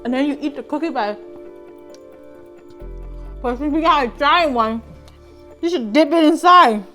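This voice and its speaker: A young woman hosting a cooking vlog in a very high, girlish voice. She giggles and squeals constantly, chatting straight to her viewers, with faint music playing underneath. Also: measured pace, fairly bright tone. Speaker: food vlogger.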